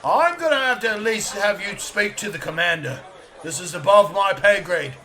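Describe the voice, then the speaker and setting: A man doing a loud, high-voiced village guard. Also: lively intonation, moderate pace. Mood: suspicious. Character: gruff small-town male village guard.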